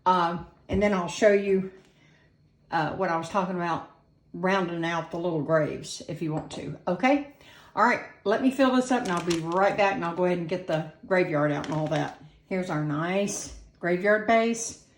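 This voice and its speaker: Woman, low-pitched voice, casual cooking demo, chatty, self-deprecating, echoey room. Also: moderate pace, a little hiss or hum. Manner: chatty, self-deprecating, talks while working. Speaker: home cooking host. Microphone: camera on a tripod.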